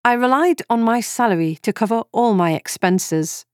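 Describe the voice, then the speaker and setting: Calm woman reading a story dryly. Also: on the high side, normal speed, dry recording, clean studio sound. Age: 40s. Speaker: reader of a first-person story. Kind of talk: scripted narration.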